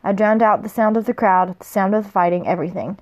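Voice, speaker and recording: A woman's voice: medium pitch, steady tone, fast talker, darkish tone. A woman reading a novel aloud casually, with small slips and corrections. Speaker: reader.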